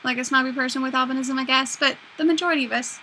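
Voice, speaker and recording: A young woman with a high, bright voice chats casually and giggles. She fills her talk with "like", and a faint hiss runs underneath. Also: steady tone, rapid-fire, poor audio. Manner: giggly, filler-heavy, lots of "like". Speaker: video co-host. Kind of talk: casual chat.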